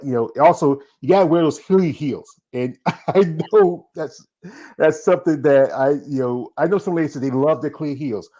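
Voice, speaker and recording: Host: man, 40s, from North Carolina, rambling and repetitive, mid pitch, lo-fi recording. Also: dark tone. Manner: rambling, repeats words, plays with accents. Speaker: interview host. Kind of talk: casual interview chat. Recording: dull lo-fi sound.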